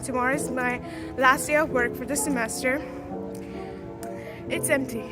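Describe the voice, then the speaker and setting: A woman's voice: sits high, fairly even intonation, moderate pace, loud music behind the voice. A young woman vlogging as a student, chatty and upbeat, talking straight to her viewers. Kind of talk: casual vlog talking to viewers.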